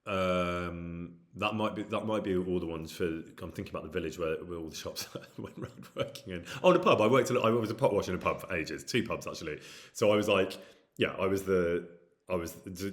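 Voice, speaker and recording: A middle-aged man with a light Midlands accent, chatting casually and candidly as he answers viewer questions, with frequent ums and restarts. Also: sits low. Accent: light Midlands English. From England. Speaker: actor streaming with chat.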